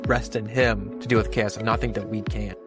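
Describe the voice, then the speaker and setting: A man's voice: on the low side, steady tone, brisk, music in the background. A young man co-hosting a podcast, talking through a Bible passage in a casual, rambling way with many restarts and fillers. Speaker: podcast co-host.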